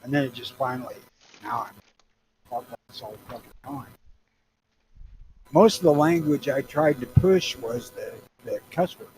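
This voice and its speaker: A man's voice: medium pitch, normal speed, pauses often, a little mellow, slight background noise, low-quality recording. Crude middle-aged man with a Southern accent. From Missouri. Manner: crude, profane, rambling storytelling. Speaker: podcast co-host. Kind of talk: casual chat.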